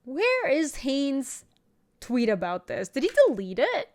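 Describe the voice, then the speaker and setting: A young woman streamer chatting casually while playing a card game, telling an animated story with laughing asides. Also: high-pitched, slow pace. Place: home streaming setup.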